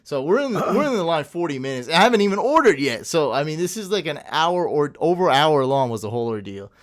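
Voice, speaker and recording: A young man co-hosting a podcast, chatting casually and telling an animated story full of tangents and laughs. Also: on the high side, fast talker. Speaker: podcast co-host. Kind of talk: casual chat.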